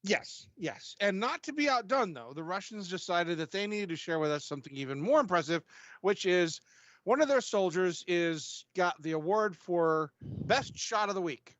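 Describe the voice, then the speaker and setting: A man's voice: sits high, lively intonation, moderate pace, fairly bright tone, no echo. A man with a slightly raised voice walks through drone news on a casual live show, stopping often for ums and restarts. The recording is dry and a little dull, with no room sound around him. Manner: reads stories with fillers and restarts. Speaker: co-host reading news stories. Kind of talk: casual livestream chat.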